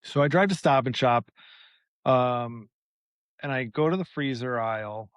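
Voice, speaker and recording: A man cohosting a podcast, telling an exasperated, animated story in casual chat with plenty of swearing. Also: medium pitch, unhurried, smooth, no echo. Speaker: podcast co-host.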